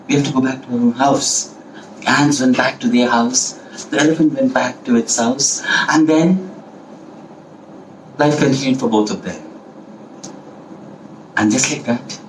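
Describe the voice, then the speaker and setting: A man's voice: medium pitch, recorded from a distance, slight background noise. Playful storyteller man. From India. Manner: playful, with sound effects and audience questions. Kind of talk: live children's storytelling. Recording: echoey room, speaker away from mic.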